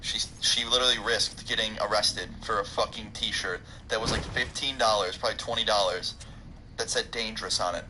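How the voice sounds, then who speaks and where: A man's voice: fairly low pitch, steady tone, brisk. A young man telling a profane, rambling story to camera in a casual, joking vlog. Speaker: storytime vlogger. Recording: clear background noise.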